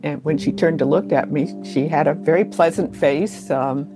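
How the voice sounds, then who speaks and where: A middle-aged woman recounting childhood memories in an interview, unhurried and full of pauses. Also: sits low, over music. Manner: slow, unhurried storytelling with pauses. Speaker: interview guest. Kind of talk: storytelling in an interview.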